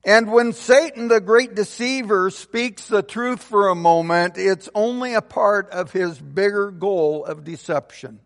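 A man preaches a sermon in a high, gravelly voice, building to emphatic, forceful peaks before easing into soft, low phrase endings. His words carry a long reverb from a large church hall. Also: a little slow, hardly any pauses. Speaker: pastor.

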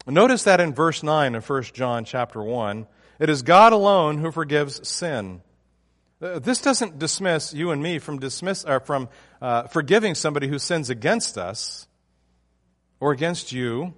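A man's voice: on the high side, animated, measured pace, a bit bright, big-room sound. A man preaching a sermon, emphatic and often restarting his phrases. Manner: emphatic, with frequent restarts and fillers.

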